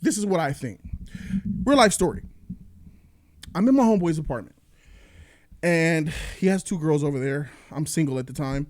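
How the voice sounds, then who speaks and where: High-voiced man ranting in a comedic movie review. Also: normal speed, long pauses. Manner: animated, profane, acts out quotes. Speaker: host.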